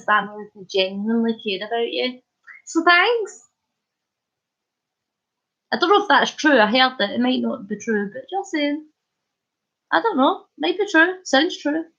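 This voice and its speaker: On her casual live stream, a chatty, playful woman from Scotland reads comments aloud and tells stories with lots of animation. Her voice sits on the high side. The stream audio is dull and lo-fi.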